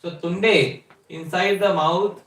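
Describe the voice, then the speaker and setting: Male spiritual teacher, higher-pitched voice, explains and quizzes listeners, distant mic in a reverberant room. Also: fairly even intonation, slow, a bit bright. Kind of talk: scripture lecture.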